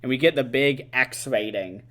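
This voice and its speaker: A man's voice: medium pitch, moderate pace. A man giving a casual, rambling spoiler recap of a film, full of "like" and "uh" as he retells scenes. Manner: rambling, animated retelling with many "like" and "uh" fillers. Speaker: movie reviewer.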